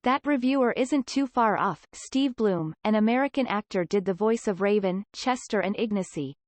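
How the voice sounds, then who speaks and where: A woman's voice: mid-range voice, moderate pace, darkish tone. A woman narrating a scripted video game review with a dry, sardonic delivery.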